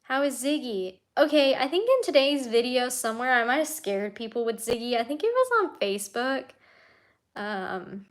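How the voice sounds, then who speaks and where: A woman, an animal keeper chatting casually on a live stream and reading comments, heartfelt and soft-spoken, often sinking to a near whisper. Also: on the high side, lively intonation, normal speed.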